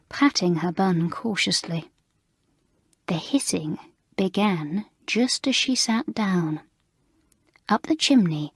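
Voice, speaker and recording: A woman reading a children's school story aloud in an expressive, measured narration. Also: medium pitch, slightly rough, dry recording, clean studio sound. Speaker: audiobook reader.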